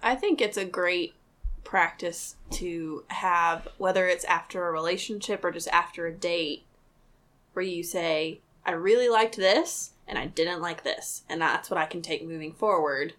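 A woman co-hosting a casual podcast, soft-spoken and conversational. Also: lowish voice, a little slow. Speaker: podcast co-host. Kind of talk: casual chat.

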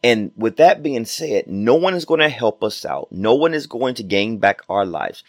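A man's voice: mid-range voice, animated, moderate pace, no echo, studio quality. A man hosting his own podcast as a personal trainer, giving an emphatic, repetitive motivational talk full of rhetorical questions.

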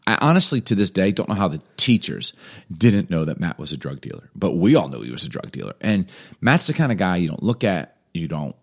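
Deep-voiced man telling stories animatedly. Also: brisk, husky. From Chicago. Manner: animated, self-mocking, laughs often. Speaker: podcast co-host telling a story. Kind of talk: casual chat, storytelling.

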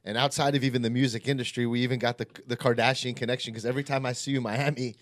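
A man hosting a casual interview, chatty and quick, repeating his phrases as he goes. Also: mid-range voice, level tone. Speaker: interviewer host.

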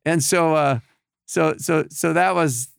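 A man telling animated stories in a casual chat, acting out other people's voices with lots of restarts. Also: on the high side, takes it slowly, creaky, clear, resonant tone, dry recording, studio quality. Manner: animated storyteller, acts out voices, many restarts. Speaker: podcast guest telling stories.

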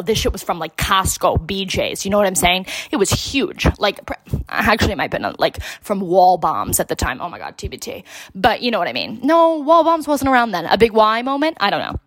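A woman's voice: medium pitch, no echo, clean studio sound. A young woman from Connecticut telling a funny story in a casual, dramatic way, full of filler words and swearing. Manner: animated, dramatic, heavy use of filler words; swears freely.

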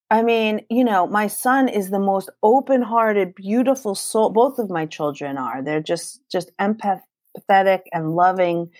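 An earnest woman in her forties talks about love and family as a guest in an interview. Her voice sits at an ordinary middle pitch, and the recording is close and dry, with no room sound around it. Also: a little mellow, no echo. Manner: earnest and emphatic, quoting herself in dialogue. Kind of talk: conversational podcast interview.

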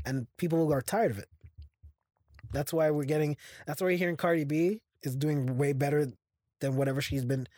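A man's voice: on the high side, fairly quick, darkish tone, no echo, clean studio sound. A man co-hosting a casual podcast, ranting with strong opinions and frequent restarts. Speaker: podcast co-host.

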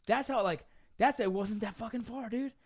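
A man's voice: sits high, moderate pace, no echo, clean studio sound. A young man telling a story in a casual podcast chat, swearing often and calling the listener dude and bro. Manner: profane, animated, says dude and bro.

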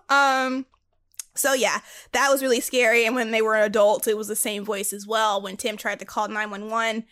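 A woman co-hosting a casual podcast, excitedly retelling horror movie scenes with giggles and quoted lines. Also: a little high, normal speed. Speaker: podcast co-host. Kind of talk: casual movie review chat.

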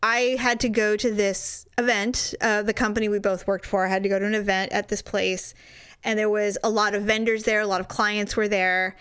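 A woman's voice: mid-range voice, level tone, normal speed, fairly bright tone, clear, resonant tone, dry recording, studio quality. A middle-aged woman telling a story in casual chat, acting out quotes in big voices.

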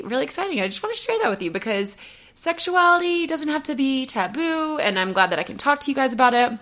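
Chatty young woman podcast host. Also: on the high side. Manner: chatty, animated, acts out her own inner voice. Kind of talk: casual self-help podcast monologue.

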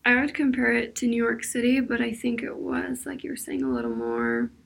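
Brief: woman student, high husky voice, gravelly fry. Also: animated, a little fast. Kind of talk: casual interview reflection.

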